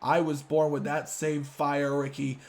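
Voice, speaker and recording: A man's voice: a little high, monotone, a little slow, a little mellow. A man doing an arrogant wrestler challenger. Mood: defiant. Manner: sarcastic, self-aggrandizing boasts. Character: arrogant fiery young male wrestler challenger. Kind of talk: wrestling promo role-play over a video game.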